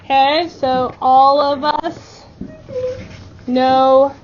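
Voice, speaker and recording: In muffled classroom audio with kids chattering and slight background noise, a woman with a high, steady voice teaches a vocabulary lesson. She's upbeat and encouraging, speaking slowly and clearly.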